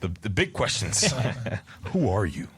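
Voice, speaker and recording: A man's voice: on the low side, wildly swooping pitch, a little slow, fairly bright tone, husky. A man hosting a casual radio show in a studio, joking and laughing often with lots of fillers.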